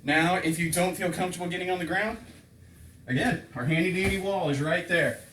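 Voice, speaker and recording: Fitness coach counting reps in echoey room. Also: male voice, high voice, fairly even intonation, fairly quick, a bit bright, a little hiss or hum. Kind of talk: home workout instruction. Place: home room with table and couch. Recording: echoey room, distant mic.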